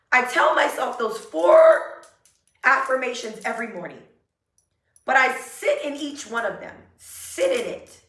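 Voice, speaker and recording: A woman speaks slowly and earnestly, leaning into affirmations with real emotion. Her voice is bright and a little high. She sits some way off the mic in a room with a noticeable echo. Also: sing-song. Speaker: self-help vlogger. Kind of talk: motivational talk to camera. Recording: roomy echo, a bit far from mic.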